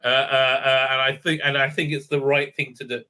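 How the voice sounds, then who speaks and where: A TV show reviewer with a mid-range, sharp voice speaks a little fast in a level tone. He rambles through a casual, spoiler-heavy episode recap, full of fillers and "right?", and breaks into enthusiastic praise.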